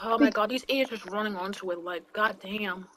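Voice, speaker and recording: A woman gamer giving live gameplay commentary, excitable and full of swearing and exclamations. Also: mid-range voice, a little fast, a little hiss or hum. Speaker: gamer playing online with a partner.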